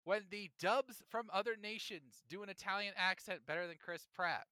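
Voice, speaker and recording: A young man hosting a casual podcast, ranting in a playful, animated way. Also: high voice, moderate pace, clean tone, no room sound. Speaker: podcast host.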